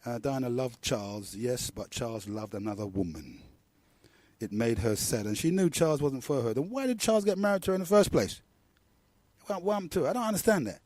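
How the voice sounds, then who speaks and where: A man's voice: medium pitch, animated, a little fast, a little mellow, no room sound. A middle-aged man with a London accent, hosting a radio talk show in a rambling, slangy storytelling way. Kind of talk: casual monologue.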